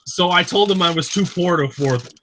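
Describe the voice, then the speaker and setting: A man's voice: high voice, a little fast, noisy background. A man casually telling rambling, profane stories on an online group call, acting out the dialogue. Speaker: host.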